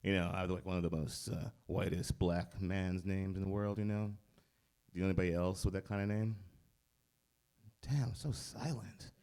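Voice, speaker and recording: A man's voice: sits low, fairly even intonation, moderate pace, a little mellow. A man doing stand-up comedy on a club stage, laid-back and provoking the crowd. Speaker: stand-up comic.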